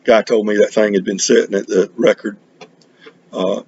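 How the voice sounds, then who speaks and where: Middle-aged guy, lowish voice, halting and rambly, uh after uh. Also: flat delivery, darkish tone, breathy edge, highs cut off. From North Carolina. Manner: rambling, halting, full of uh and restarts. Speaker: record collecting vlogger. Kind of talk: casual chat.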